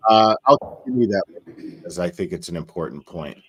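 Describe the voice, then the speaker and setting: A man hosting a live commentary stream, talking in a halting way with many fillers and restarts as he reads viewer messages. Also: low voice, lively intonation, fairly bright tone, husky. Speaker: livestream host.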